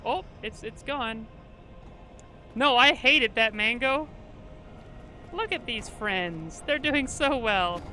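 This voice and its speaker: A woman's voice: fairly high pitch, animated, takes it slowly, pauses often, sharp tone, slight background noise. A woman streamer chatting casually while playing a game, talking her thoughts aloud. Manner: chatty, self-deprecating, thinking aloud. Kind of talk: casual gameplay commentary.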